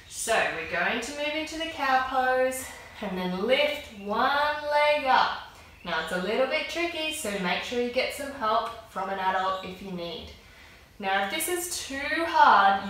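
A woman's voice: fairly high pitch, fairly bright tone, slight background noise. A woman therapist leading children through yoga poses in an encouraging, lilting way, calling out each move. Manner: encouraging, lilting, calls out moves and animal sounds. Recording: very echoey room, voice from a distance.

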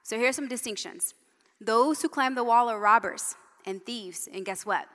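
A woman's voice: a little high, moderate pace, fairly bright tone. A middle-aged woman preaching a sermon, telling personal stories in a conversational way with frequent "right?" asides. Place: church hall. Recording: long church hall reverb.

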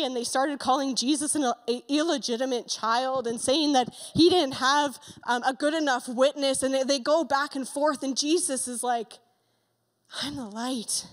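A woman pastor delivers a sermon in a church sanctuary. Her voice sits high, and a long reverb trails her words through the hall. She retells the story vividly and breaks into excited asides.

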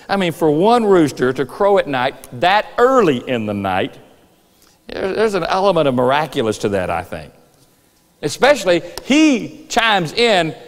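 Preaching man in a reverberant church. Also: on the high side. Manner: animated storytelling with acted-out voices and rooster calls. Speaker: pastor. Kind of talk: sermon. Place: church sanctuary.

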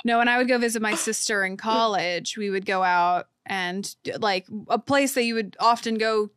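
A woman co-hosting a podcast, talking in a relaxed way and laughing easily. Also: medium pitch, normal speed, smooth, dry recording, studio quality. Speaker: podcast co-host. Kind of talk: casual chat.

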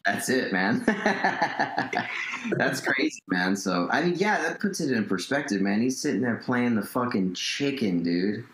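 A man's voice: mid-range voice, big pitch swings, a little slow, fairly bright tone, echoey room, a little hiss or hum. A man, a guest guitarist, chatting casually and agreeing in a laid-back way. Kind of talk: casual chat.

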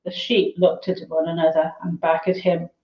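A woman reading a children's novel aloud in a measured, expressive storytelling manner. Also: lowish voice. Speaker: reader. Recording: roomy, dull lo-fi sound.

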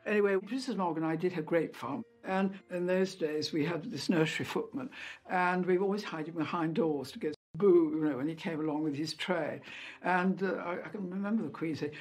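A woman's voice: brisk, husky, soft background music. An older woman being interviewed, telling old memories in a chatty way with fillers. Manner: chatty storytelling with fillers, lively pitch when quoting others. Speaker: interviewee, royal lady-in-waiting. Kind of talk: reminiscing interview.

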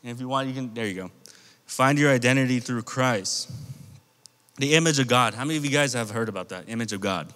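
Speaking fairly quickly in a mid-range, slightly bright voice, this American youth pastor preaches casually to a youth group, telling stories and talking directly to the kids. The church youth hall is large, leaving a long reverb.

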